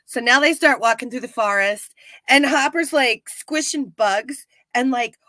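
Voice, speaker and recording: A woman co-hosting a casual live-stream, retelling an episode in animated fashion and acting out quotes. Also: a little high, a little slow, dry recording. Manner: animated storyteller, acts out quotes. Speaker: podcast co-host recapping a TV episode. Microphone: live-stream setup.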